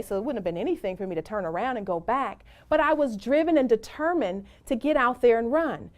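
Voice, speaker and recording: A woman's voice: fairly high pitch, lively intonation, brisk, few pauses. A middle-aged woman giving a motivational presentation, speaking in an emphatic, encouraging way and telling personal stories.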